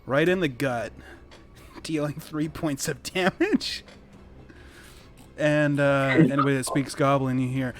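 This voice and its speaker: A man's voice: medium pitch, fairly even intonation, a little slow, long pauses, background noise. A man narrating a tabletop game as game master, chuckling and rambling, often correcting himself mid-sentence. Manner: laughing, rambling, self-correcting.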